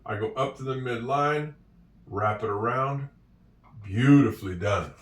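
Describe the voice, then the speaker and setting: A man teaching handwriting and spelling at a board, with slow, encouraging talk and drawn-out words. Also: mid-range voice, a bit bright. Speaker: English teacher. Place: room with a whiteboard. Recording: echoey room, voice from a distance.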